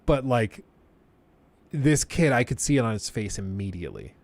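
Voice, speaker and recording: Lively, laughing male streamer. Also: mid-range voice, normal speed. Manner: animated storyteller, laughs often and acts out the people he quotes. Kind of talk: casual storytelling on a livestream.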